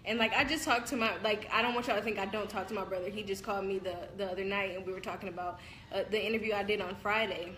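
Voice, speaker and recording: A woman's voice: medium pitch, fairly even intonation, fast talker, hardly any pauses, fairly bright tone, slight background noise, poor audio. A young woman hosting a family talk on a live stream, emotional and close to tears, reading viewers' comments and thanking them. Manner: emotional, tearful, thankful, reads comments aloud. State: tearful. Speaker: host. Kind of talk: casual chat on a live video.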